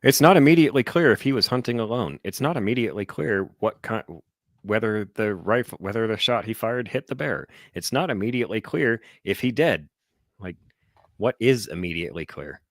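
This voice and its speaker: A deep-voiced man chatting on a podcast, his pitch swinging widely as he tells stories and acts out voices. The sound is dry and close. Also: a little fast, dry recording. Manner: animated storyteller, laughs often, acts out voices. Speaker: podcast co-host. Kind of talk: casual podcast chat.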